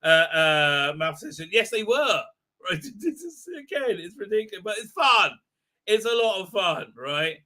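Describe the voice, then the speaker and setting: Excitable man with a bright, high voice. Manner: rambling and excitable, with many fillers and quick tangents. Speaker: livestream host. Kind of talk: casual movie recap commentary.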